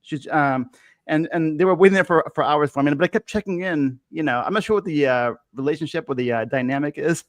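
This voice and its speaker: Man, mid-high voice, rambling storyteller, lots of fillers and false starts, dry close sound. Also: a little fast, dry recording. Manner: rambling storyteller with many fillers and restarts, laughs often. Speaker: guest telling a story. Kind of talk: casual chat.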